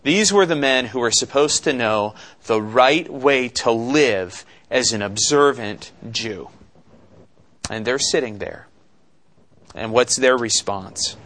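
A man preaching an expository sermon, slow and deliberate, with dramatic pauses and rhetorical questions. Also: mid-range voice, a bit bright. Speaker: pastor.

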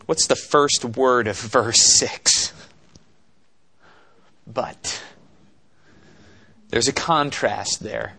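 Male pastor preaching real slow, pausing a lot, asking the room questions, mid pitch. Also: creaky, sharp tone, breathy edge. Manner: slow, deliberate preaching with dramatic pauses and rhetorical questions. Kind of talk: expository sermon.

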